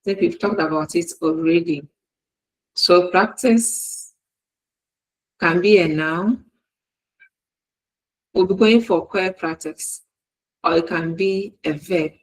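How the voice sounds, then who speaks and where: A woman with a lowish voice and a Ghanaian English accent teaches a recorded university class, moving at a slow, careful pace and going over each example word by word. The audio is poor.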